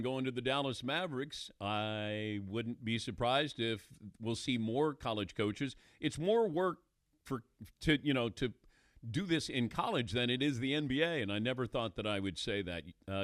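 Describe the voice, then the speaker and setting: A relaxed man hosting a sports talk show, with a dry, teasing touch. His pitch is in the middle range, and the sound is close with no room echo. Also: normal speed.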